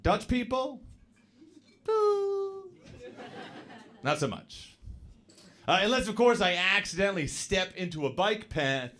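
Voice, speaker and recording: A young Canadian man with a Canadian accent doing a stand-up set on a club stage, halting and full of fillers and restarts. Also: sits high, expressive, sharp tone. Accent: Canadian English. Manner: halting, filler-heavy delivery with repeated restarts. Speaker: stand-up comedian. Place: comedy club stage with laughing audience.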